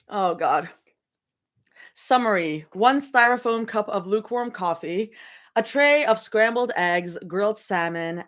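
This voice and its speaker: A young woman chatting casually on a livestream from her bedroom before reading fan fiction, rambling, giggling often and breaking into excited yelling. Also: medium pitch. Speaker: fanfic livestream reader.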